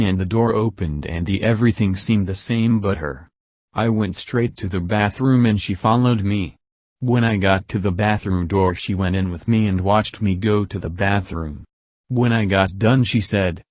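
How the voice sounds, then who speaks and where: A man reading his own adventure story aloud, voicing every character in the same plain, even way. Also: low voice, unhurried, no room sound. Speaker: narrator.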